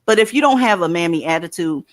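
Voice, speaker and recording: A woman's voice: on the low side, expressive, quick pace, no echo, clean studio sound. A woman hosting a livestream, giving blunt, profane commentary and advice to her callers. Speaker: livestream host.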